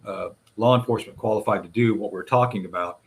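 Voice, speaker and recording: A man appears as a guest on a radio talk show, speaking directly to the hosts as he walks through events one step at a time. His voice sits on the low side and moves at a quick pace, in the manner of conversational storytelling.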